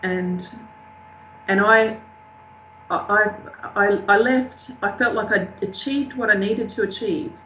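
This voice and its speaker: An older woman being interviewed, telling a personal story in a halting, emotional way and acting out the voices she quotes. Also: medium pitch, sharp tone, roomy sound, a little hiss or hum, low-quality recording. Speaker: interview guest.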